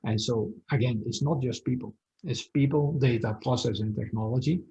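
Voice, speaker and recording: A man speaking as a company founder in a business interview, pausing often with fillers over a video call. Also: mid-range voice, warm tone, lo-fi sound. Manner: hesitant, many fillers.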